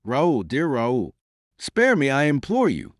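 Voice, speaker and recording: A man's voice: on the low side, big pitch swings, moderate pace, dry recording, clean studio sound. A man voicing a desperate, devoted young woman, pleading through tears in an audiobook reading. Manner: pleading, emotional.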